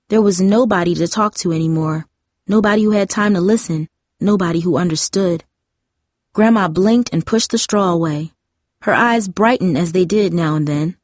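A woman narrating an audiobook in a gentle, even storytelling manner. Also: medium pitch, moderate pace, no room sound, studio quality. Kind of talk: audiobook reading.

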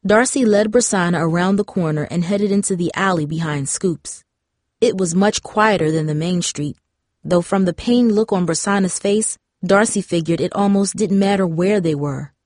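A woman reading a story aloud in steady, scripted narration. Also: lowish voice, normal speed, no room sound, studio quality. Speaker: audiobook narrator.

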